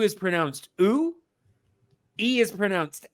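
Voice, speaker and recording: A man on a podcast giving a casual mock lesson, talking slowly and explaining step by step with lots of fillers. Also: on the high side, expressive, fairly bright tone, clear, resonant tone. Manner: slow, explanatory, many fillers and restarts. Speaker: podcast co-host.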